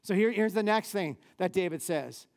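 A man, a pastor, preaching a lively sermon in a church with casual, conversational asides. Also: high-pitched, moderate pace, creaky.

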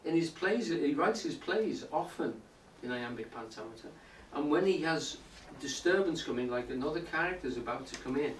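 A man giving a public talk on poetry to a live audience, explaining step by step and often checking in with the listeners. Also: on the high side. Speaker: lecturer. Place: indoor room with a live audience. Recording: roomy, distant, faint hiss.

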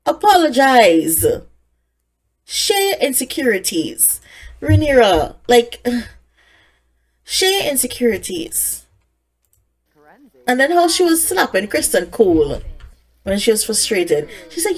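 A young woman talks over her life-sim gameplay in a casual, excitable way, scolding the characters and laughing often. Her voice sits a little high and swoops all over the place. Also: slow, pauses often. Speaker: gaming content creator. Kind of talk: casual let's-play commentary.

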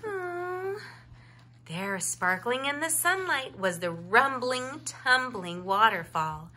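A woman teacher reading a picture book aloud to young children from her home, in an animated sing-song way. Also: mid-range voice, slow pace. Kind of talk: children's story read-aloud.

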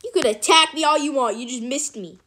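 A woman giving casual, excitable let's-play commentary as host of a gaming channel, chatty and cheering at her wins. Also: high-pitched, fairly quick.

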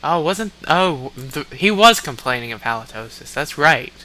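A man's voice: fairly high pitch, animated, moderate pace, pushed and bright. A man doing let's play commentary, reading game commands aloud and laughing often in amusement. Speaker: gamer.

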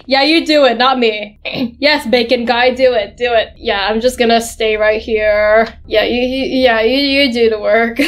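A woman giving excitable gameplay commentary, giggling, squealing and talking back to the game as she plays. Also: on the high side, moderate pace, soft background music. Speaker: gamer.

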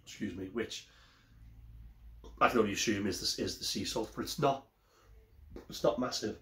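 A man's voice: lowish voice, normal speed, a bit bright. A man casually reviewing a beer on his vlog, rambling and often correcting himself. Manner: rambling, self-correcting, chatty. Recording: echoey room.

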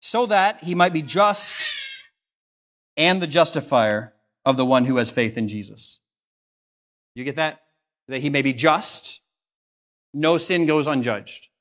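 A man's voice: animated, unhurried, long pauses. Earnest Canadian man preaching a sermon. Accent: Canadian English. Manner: earnest preaching, rising on questions and dropping low and soft on solemn lines. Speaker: pastor. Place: church sanctuary.

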